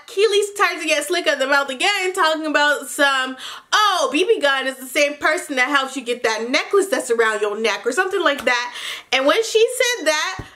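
A woman recapping a reality TV episode in casual, animated vlog talk, gossipy and profane, laughing often. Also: sits high. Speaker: TV recap vlogger.

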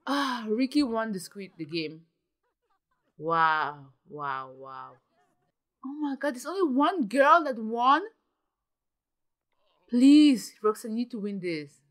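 A young woman giving casual, excitable commentary while playing a video game, gasping and exclaiming often. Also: a little high, takes it slowly, pauses often. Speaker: gaming channel host.

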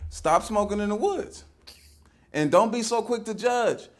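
A man's voice: sits high, unhurried. A man playing a male black bear telling his side of the story in brash street slang, indignant and joking. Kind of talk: comedic interview sketch.

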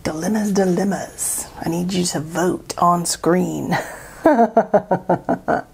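Southern woman host of an art tutorial, chatty and self-laughing, slightly low-pitched. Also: slow, vocal fry, darkish tone. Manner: chatty, thinking aloud, laughs at herself. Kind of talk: casual painting tutorial.

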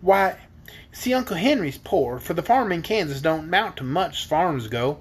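A man's voice: fairly high pitch, animated, moderate pace, slightly rough. A man reading a storybook aloud, voicing an earnest young farm girl who talks in plain homespun words. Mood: worried.

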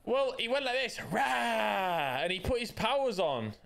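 Lively Yorkshire man gaming. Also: very high voice, a little fast. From Yorkshire, England. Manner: joking, stammering restarts. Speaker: streamer. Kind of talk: casual gaming chat.

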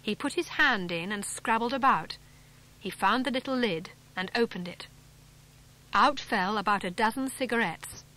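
A woman from England reading a children's adventure story aloud, clear and measured, lifting her pitch slightly for the young characters. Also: sharp tone. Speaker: audiobook narrator. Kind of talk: scripted storybook narration.

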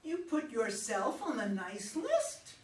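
Woman as flirty female elf, slow drawn-out coaxing, roomy hall, distant mic. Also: a little high, sing-song. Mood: innocent. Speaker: reader in a community reader's theater. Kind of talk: amateur read-aloud play. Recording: roomy hall, mic far off, faint noise.

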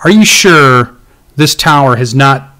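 A man's voice: mid-range voice, lively intonation, takes it slowly, bright, forceful tone. A man voicing a stern female dwarf who leads a strike group and speaks bluntly.

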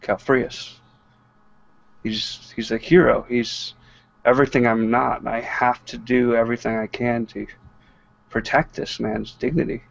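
A man playing a tabletop game, slowly and solemnly describing his character's actions in the first person. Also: medium pitch, little pitch movement, vocal fry. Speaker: player. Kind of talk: in-character roleplay narration. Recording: dull lo-fi online audio.

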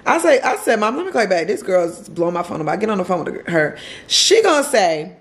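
A vlogger speaks directly to her camera at home in a voice pitched a little low, moving briskly with a sing-song lilt. She shares a personal story in a loose, emotional way, looping back over the same phrases and tossing in casual slang.

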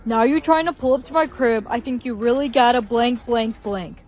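A high female text-to-speech voice reading a cold, scheming young man. The delivery is flat and synthetic, in storytime style. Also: normal speed, close to an everyday voice.

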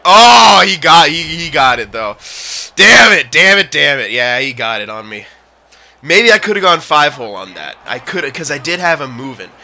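A young man giving excited commentary over his own gameplay, shouting at plays and muttering between them. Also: on the high side, moderate pace, gravelly. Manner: yells and groans at the game, then mutters to himself. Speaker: gaming commentator.

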